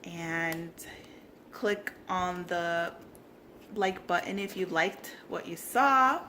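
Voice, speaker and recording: A woman vlogging a casual craft tutorial, gushing and bubbly, at times dropping to soft whispers. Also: on the low side, extremely slow, a little hiss or hum.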